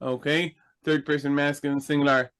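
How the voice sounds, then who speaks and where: A man's voice: fairly high pitch, flat delivery, moderate pace, fairly bright tone, smooth, rough recording. A man teaching a class in a patient, explanatory way, asking his students questions. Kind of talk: slow, deliberate Hebrew grammar lesson.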